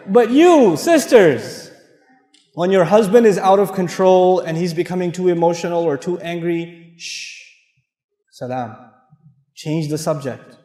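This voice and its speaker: A man giving an Islamic sermon with humorous stories and animated, acted-out asides. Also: sits high. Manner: animated, humorous, acts out quoted voices. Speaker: Islamic lecturer. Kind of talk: sermon with storytelling. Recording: echoey hall with long reverb.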